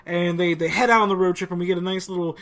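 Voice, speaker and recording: High-voiced man, casual podcast co-host. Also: fast. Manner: animated storyteller who acts out quotes, swearing. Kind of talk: casual chat.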